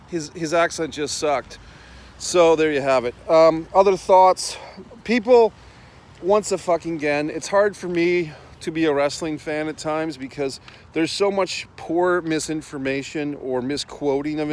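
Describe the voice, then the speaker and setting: A man's voice: a little high, slight background noise, low-quality recording. A middle-aged man hosting a casual, profane rant while walking outdoors. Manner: blunt, profane, rambling. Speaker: host.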